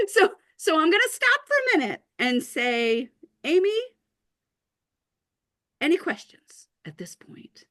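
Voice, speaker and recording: Woman teacher, animated and encouraging, patient step-by-step explainer over a video call. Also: high voice, slow, pauses often. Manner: upbeat, reassuring, explains step by step. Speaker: writing teacher. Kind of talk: casual online lesson.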